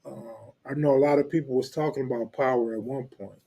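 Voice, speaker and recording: A man's voice: medium pitch, fairly even intonation, fairly quick, creaky, mellow, slightly rough. A man from California, hosting a live stream, chatting casually in loose street slang and joking with viewers. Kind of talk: casual chat reading live comments.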